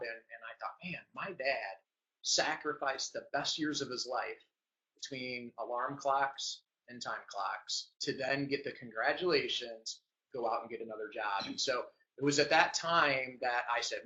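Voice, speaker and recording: Bright-voiced man sharing his story. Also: mid-range voice, normal speed. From Chicago. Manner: relaxed, conversational, asks the audience questions. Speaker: business presenter. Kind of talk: personal story told to an audience. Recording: dull lo-fi recording.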